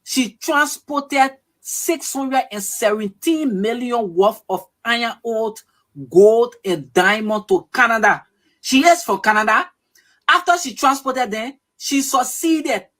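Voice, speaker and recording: A woman reading out a news story to her followers in a deliberate way, asking them questions. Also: fairly high pitch, a bit bright. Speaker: news clip presenter.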